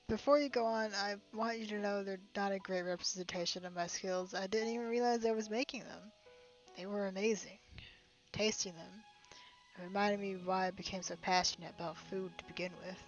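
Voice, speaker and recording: A woman's voice: mid-range voice, fairly even intonation, normal speed, dull audio, soft background music, close to an everyday voice. A woman reading the lines of an earnest, vain older male chef in a dramatic, sincere way.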